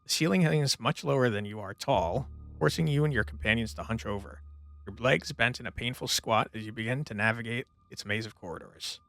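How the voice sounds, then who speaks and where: A man's voice: mid-range voice, brisk, fairly bright tone. A man hosting a let's play, reading the game's narration aloud and joking casually through it on a close mic. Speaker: let's play gaming channel host. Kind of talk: gaming commentary and reading game text aloud.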